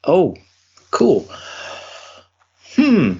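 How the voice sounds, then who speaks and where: A man's voice: high voice, huge pitch swings, very slow, gravelly, mellow, husky, lo-fi sound. A man as a guest on a podcast, joking and thinking aloud in casual chat.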